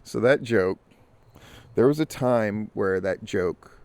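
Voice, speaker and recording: A man's voice: lowish voice, slow, darkish tone, dry recording. A man hosting a news and commentary show, casually telling a long joke in a conversational storytelling way. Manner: storytelling, conversational with filler restarts.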